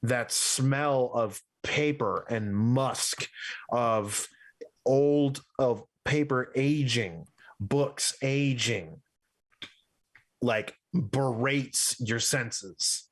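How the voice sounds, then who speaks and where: A man in the game master's seat, narrating a tabletop game at an unhurried pace. He sets each scene slowly, piece by piece, with fillers and small pauses in between. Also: medium pitch. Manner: slow, descriptive scene-setting with fillers.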